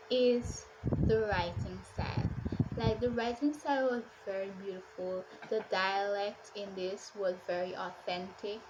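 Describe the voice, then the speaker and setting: A woman's voice: on the high side, dull audio, very noisy. A woman chatting casually through a book wrap-up, with exasperated rhetorical questions and a lot of "like.". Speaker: book reviewer.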